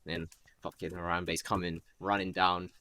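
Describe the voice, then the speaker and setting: A man's voice: low-pitched, little pitch movement, normal speed, pushed and bright. A man casually improvising a rambling story, slipping into character voices. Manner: rambling, laid-back, voices characters in quotes.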